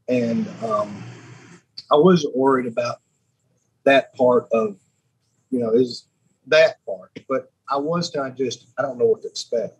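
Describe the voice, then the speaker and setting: A sheriff's lieutenant from Alabama in his 30s, appearing as a podcast guest, tells stories in casual, rambling chat, repeating words and laughing often. His voice is medium-pitched and husky, and the audio quality is poor.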